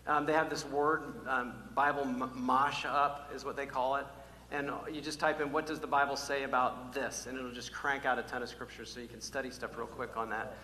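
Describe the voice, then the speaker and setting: A man preaching a sermon as pastor, animated, drawing out key words slowly for emphasis. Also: mid-range voice. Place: church sanctuary. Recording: echoey church hall, faint hum.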